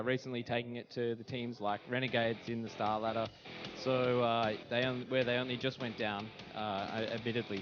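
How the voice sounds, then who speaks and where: A man offering laid-back analysis as an esports co-commentator, pausing often on fillers. His mid-pitched voice comes through slightly muffled, with faint music underneath. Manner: relaxed, frequent filler pauses.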